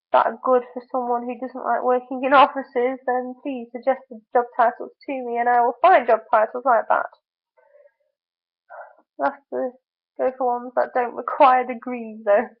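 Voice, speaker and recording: A young woman with a slightly high, gravelly voice vents in a casual video diary, frustrated and full of "like"s. The sound is thin and tinny, like it came through a phone line. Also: flat delivery, normal speed, pauses often. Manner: venting, frustrated, many fillers. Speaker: vlogger.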